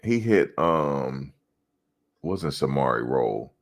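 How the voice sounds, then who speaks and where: A man's voice: very deep voice, sing-song, takes it slowly. A man, swapping loose, profane football stories in casual sports chat. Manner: loose, profane storytelling with laughter. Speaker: podcast co-host.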